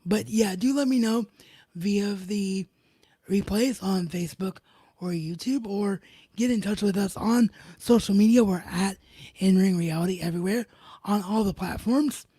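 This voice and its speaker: A woman hosts a live review of a wrestling show, talking enthusiastically and doubling up her emphatic words. Her voice is mellow and a little husky. It sounds dry and close. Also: mid-range voice, measured pace, dry recording.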